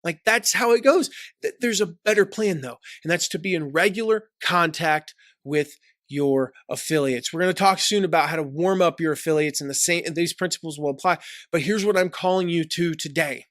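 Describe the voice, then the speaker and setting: A man coaching on online business in an energetic, joking way, often mimicking people. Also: fairly high pitch, no room sound, clean studio sound. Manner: energetic, jokey, mimics people with quick repetitions. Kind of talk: direct-to-camera tips video.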